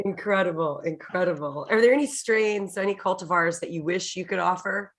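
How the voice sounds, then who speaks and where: A woman hosting a casual talk show interview, enthusiastic and quick to laugh. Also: fairly low pitch.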